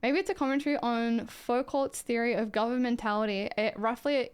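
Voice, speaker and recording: A woman's voice: fairly high pitch, clear, resonant tone. An Australian woman streaming live, chatting casually and rambling as she reacts to her chat and swears freely.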